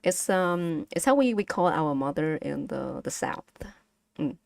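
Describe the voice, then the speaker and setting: A woman with a Vietnamese accent walks her chat through pronunciation. Her voice sits low but swoops widely as she models each tone, and she laughs often. She speaks slowly into a close, dry mic. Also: expressive, gravelly, no room sound. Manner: playful, giggly, drills tones aloud. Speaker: vtuber language streamer. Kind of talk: casual language lesson to stream chat.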